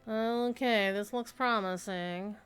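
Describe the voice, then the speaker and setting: A woman's voice: medium pitch, slow, a bit bright, clean tone, soft background music. A woman live-streaming a video game, chatting casually with her viewers and reacting to the play. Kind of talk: casual live-stream commentary while gaming.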